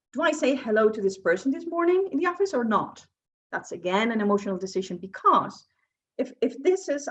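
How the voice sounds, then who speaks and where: Woman coach leading a workshop. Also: mid-range voice. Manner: asks the audience questions, explanatory. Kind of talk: presenting a workshop talk.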